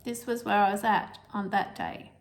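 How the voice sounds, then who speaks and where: A middle-aged woman telling a personal health story to camera, emotional and halting, with restarts and nervous laughs. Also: medium pitch, fairly even intonation, a little hiss or hum.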